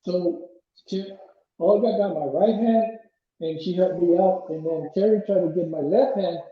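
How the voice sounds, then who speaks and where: Man, 70s, high-pitched, rambling storyteller, restarts, dull lo-fi echoey recording. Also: a little slow. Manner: rambling, many restarts, chuckles while telling. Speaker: interview guest, trail runner. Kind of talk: casual storytelling in an interview. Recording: very echoey room, dull lo-fi sound.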